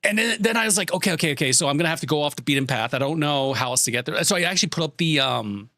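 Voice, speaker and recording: A man's voice: on the high side, very fast, dry recording, clean studio sound. A male streamer telling an exasperated, swearing story to his chat in a casual way. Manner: exasperated, swearing, animated retelling.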